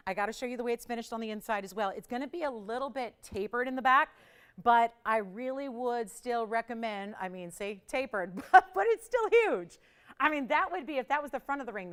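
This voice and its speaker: A woman's voice: medium pitch, a bit bright, smooth. Enthusiastic woman jewelry shopping host. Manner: enthusiastic, emphatic selling with repeated phrases. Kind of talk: live TV shopping pitch.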